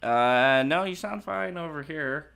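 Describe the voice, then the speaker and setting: A man hosting a casual livestream chat, reading headlines haltingly and laughing often. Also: on the high side, vocal fry, fairly bright tone. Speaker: livestream host.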